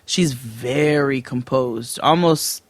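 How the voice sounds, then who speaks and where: A man's voice: medium pitch, takes it slowly, no room sound. A man co-hosting a podcast, giving blunt, emphatic commentary while recapping a show. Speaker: podcast co-host. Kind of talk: casual chat recapping a show.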